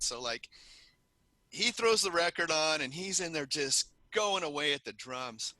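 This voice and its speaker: Male podcast co-host, animated storyteller, bright and forceful tone. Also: a little high, unhurried, dry recording. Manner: animated storyteller, laughs often. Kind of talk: casual chat.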